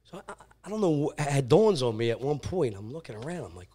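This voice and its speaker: A man tells a crude story at podcast-chat pace, breaking into laughter and cursing freely. His voice rises and falls a lot, full of animation. He sits at a middle pitch for a man. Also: fast, few pauses. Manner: laughing, animated anecdote teller, swears often. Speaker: podcast guest. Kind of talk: casual storytelling.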